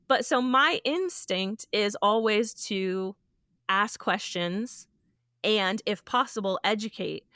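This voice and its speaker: A woman's voice: mid-range voice, a bit bright, no echo, clean studio sound. A woman co-hosting a podcast, talking about a parenting topic in a fiery, passionate, casual way. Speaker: podcast co-host.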